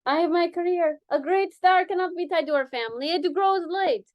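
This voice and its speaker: A woman's voice: very high voice, normal speed, muffled recording, voice pushed up. A woman putting on a haughty fake dancer with a mock Spanish accent. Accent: put-on mock Spanish accent. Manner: grand, haughty, broken English.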